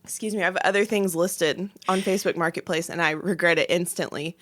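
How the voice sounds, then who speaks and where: Bright-voiced woman telling stories animatedly. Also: lowish voice, a little fast. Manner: animated storyteller, acts out quotes. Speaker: podcast co-host. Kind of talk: casual chat.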